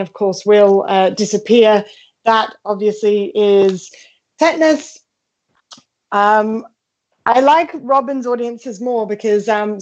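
Young woman comic guest, higher voice, rambling self-mocking chat over a home video call. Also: muffled recording. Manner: chatty, self-mocking, with lots of fillers and restarts. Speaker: comedian guest. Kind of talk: comic show-and-tell on a live stream. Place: her front room at home.

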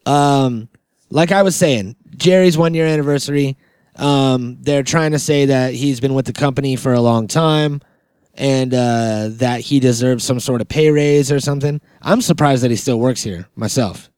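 A man hosting a comedy podcast, rambling in casual chat and deadpan mock-boss banter. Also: mid-range voice, normal speed, clean tone, no echo, studio quality. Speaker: podcast host.

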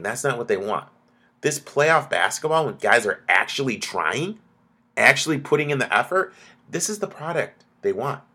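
A man's voice: medium pitch, fairly bright tone. A young man hosting a solo sports betting podcast, blunt and ranting, swearing freely.

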